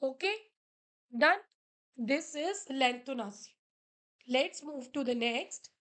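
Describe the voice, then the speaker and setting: Brief: Indian woman, French teacher, high voice, slow patient explanations. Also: expressive, fairly bright tone. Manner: slow, explanatory, switching between English, French and Hindi. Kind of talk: classroom lesson.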